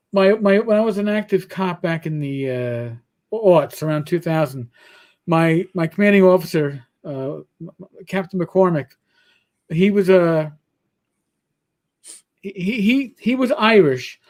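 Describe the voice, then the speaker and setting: A middle-aged man with a notably high voice chats casually on a livestream. He tells long, meandering stories, swears freely and restarts his sentences often. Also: a little mellow. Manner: rambling storyteller who swears and restarts a lot. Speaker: livestream co-host. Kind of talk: casual chat.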